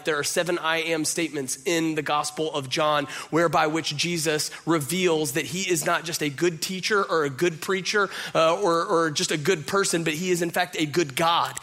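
A man's voice: a little high, steady tone, moderate pace, few pauses, bright, forceful tone. A man preaching a conversational sermon, speaking casually and directly to the congregation. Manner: casual and direct, addresses listeners as "y'all", uses filler "like". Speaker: pastor.

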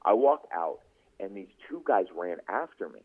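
A podcast host and news anchor appears as a guest on a casual radio interview, heard through tinny phone-line audio. He speaks at a moderate pace in a low, breathy-edged voice, telling his story animatedly and acting out the voices of the people he quotes.

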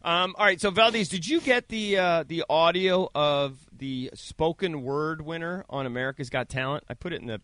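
A man's voice: on the high side, moderate pace, hardly any pauses, bright, forceful tone, dry recording. A man hosting a sports radio show, chatting casually with his co-hosts.

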